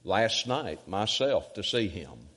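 A preacher doing a calm, gentle old pastor. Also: male voice, lowish voice, takes it slowly, long reverb tail, full character voice. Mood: soothing. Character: calm, gentle older male pastor with a deep voice.

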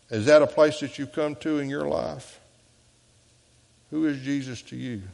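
A man with a Southern US accent preaching a sermon as pastor, earnestly swinging between raised appeals and hushed, slow quotations. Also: a little high, fairly even intonation, gravelly, in a large hall. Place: church sanctuary.

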